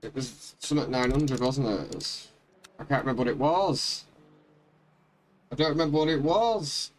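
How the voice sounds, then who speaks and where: A man casually live-streaming a sim race. He chats and rambles, greets viewers by name and thinks out loud about his car setup. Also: medium pitch, normal speed, slight background noise. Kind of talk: casual live-stream chat while racing. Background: loud music.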